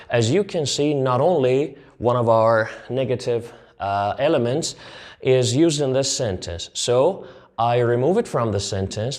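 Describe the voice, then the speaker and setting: Man teaching a grammar lesson, slow and deliberate. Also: medium pitch, a little mellow. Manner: slow, deliberate explanations with spoken example sentences. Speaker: English teacher.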